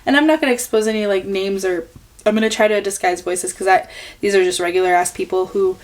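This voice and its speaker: A woman's voice: mid-range voice, fairly even intonation, quick pace. A woman hosting a reaction commentary video, exasperated, sarcastic and full of profanity.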